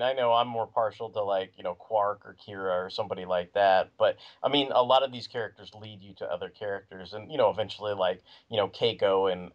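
A man co-hosting a podcast in casual chat, rambling with lots of "you know" and "like". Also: fairly low pitch. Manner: rambling, filler-heavy talk. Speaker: podcast co-host. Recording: muffled lo-fi recording.

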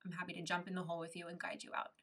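Woman doing a kind steady friend, soft and reassuring, lowish, a bit far from the mic. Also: rapid-fire, full character voice. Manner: gentle, reassuring. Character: calm, kind friend who has been there before.

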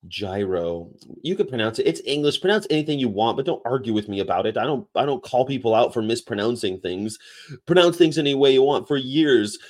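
A man hosting a livestream, chatting casually and rambling between topics and read-aloud definitions. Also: medium pitch. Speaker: livestream host.

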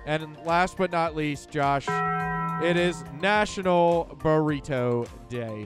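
A man co-hosting a casual podcast chat, running through a list in a relaxed way. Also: on the high side, measured pace, loud music behind the voice. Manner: relaxed, reads out lists. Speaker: podcast co-host.

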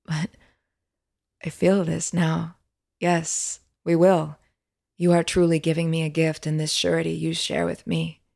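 A woman's voice: deep voice, level tone, measured pace, gravelly, darkish tone, dry recording, studio quality. A woman voicing an earnest, respectful young woman seeker speaking to a spirit.

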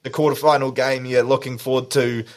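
A man's voice: mid-range voice, flat delivery, brisk. Chatty New man talking sport. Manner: enthusiastic, chatty. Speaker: podcast co-host. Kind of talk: casual sports chat.

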